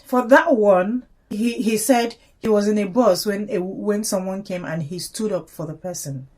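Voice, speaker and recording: A woman hosting a reaction video, explaining calmly and reassuringly. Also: mid-range voice, moderate pace. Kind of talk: reaction commentary.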